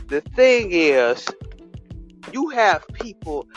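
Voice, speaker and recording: High bright man preaching loudly. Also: lively intonation, measured pace, highs cut off, soft background music. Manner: shouting preacher cadence with whoops and laughter. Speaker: podcast host. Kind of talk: comedic mock sermon.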